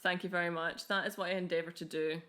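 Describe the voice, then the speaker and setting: A woman's voice: lowish voice, little pitch movement, fast, sharp tone. A young woman co-hosting a podcast, talking in an easy, enthusiastic way and laughing often. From Scotland. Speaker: podcast co-host. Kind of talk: casual podcast chat.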